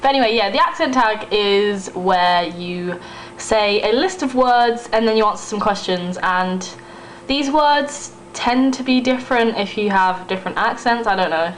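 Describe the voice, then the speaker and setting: A woman's voice: mid-range voice, moderate pace, a little hiss or hum, poor audio. A young woman with an East Midlands accent, vlogging casually, chatty and giggly, rambling with fillers while reading a word list off her computer. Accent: East Midlands English. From Northamptonshire, England.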